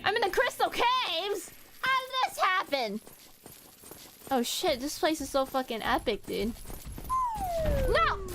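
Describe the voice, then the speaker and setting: A young woman VTuber chatting casually while gaming, excitable, swearing a lot and laughing often. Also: very high-pitched, takes it slowly, long pauses, very noisy. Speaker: VTuber streamer. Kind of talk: casual gaming stream chat.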